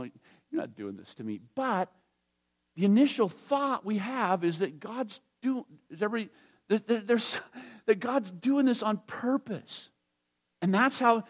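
A man, preaching as a pastor in a church, casual and halting, often dropping to a soft hush. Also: high-pitched, animated. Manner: conversational, halting with restarts and fillers; drops to a soft hush when emotional. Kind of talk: sermon.

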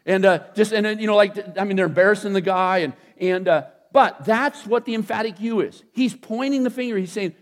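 A man's voice: high-pitched, a little fast, hardly any pauses. A male pastor giving a sermon in a loose, conversational way, with many restarts and asides. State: tired after a short night.

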